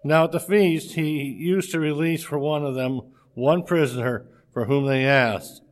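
A man reading a scripture passage aloud in a steady, measured way, with a few slips. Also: a little high.

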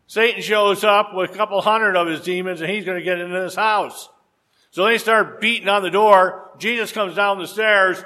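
A man preaching a sermon, telling a story with rhetorical questions and dramatic pauses. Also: high voice, steady tone, sharp tone.

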